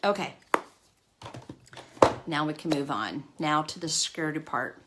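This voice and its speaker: A woman's voice: low-pitched, expressive, slow, long pauses, very noisy. Chatty woman hosting a makeup livestream. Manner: chatty, self-deprecating, talks to viewers by name. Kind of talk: casual live makeup tutorial.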